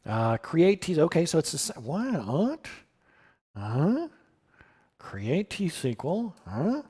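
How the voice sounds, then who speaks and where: Animated man thinking aloud while coding. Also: a little high, takes it slowly, slightly rough. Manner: thinking aloud, exclamatory, reads chat questions. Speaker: developer live coding. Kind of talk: casual live-stream coding talk.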